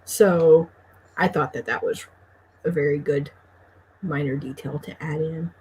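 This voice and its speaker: A woman co-hosting a casual book discussion, giving thoughtful, measured feedback. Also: low voice, fairly even intonation, darkish tone, a little hiss or hum, poor audio. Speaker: co-host. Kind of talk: casual chat.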